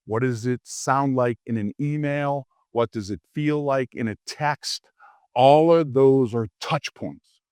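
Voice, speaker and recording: A middle-aged man from Louisiana giving a humorous leadership keynote, a lively storyteller who acts out quoted voices. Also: mid-range voice, no echo, clean studio sound. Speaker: keynote speaker. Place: conference stage.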